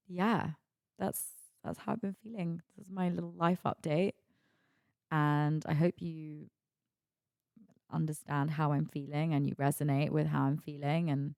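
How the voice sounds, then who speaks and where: Candid low-voiced young woman. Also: a little mellow, dry recording, studio quality. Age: 20s. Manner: confiding, rambling, heavy use of "like". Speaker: podcast host. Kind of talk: candid solo podcast monologue.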